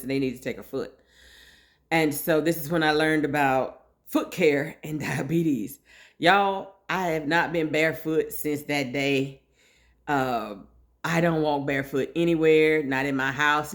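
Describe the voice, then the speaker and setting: Chatty woman telling her own story. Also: low voice. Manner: chatty, animated, addresses listeners directly. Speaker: host sharing her health story. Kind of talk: casual personal storytelling.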